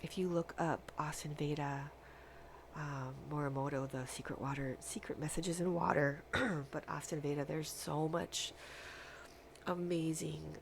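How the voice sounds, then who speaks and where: A woman giving a spiritual tarot reading, speaking in a dreamy, halting way with long pauses. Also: low voice, steady tone, creaky, slight background noise. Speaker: tarot reader.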